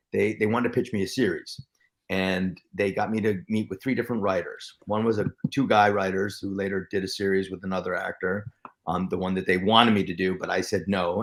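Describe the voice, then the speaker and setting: Excitable lowish-voiced male actor guest. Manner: excitable, with many restarts and acted-out quotes. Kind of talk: storytelling interview chat.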